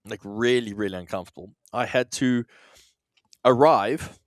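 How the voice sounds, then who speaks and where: Medium in pitch and moderate in pace, this man's voice carries no room sound. He's a South African co-hosting a podcast with an Australian accent and South African traces, chatting casually and ramblingly, self-deprecating and occasionally swearing.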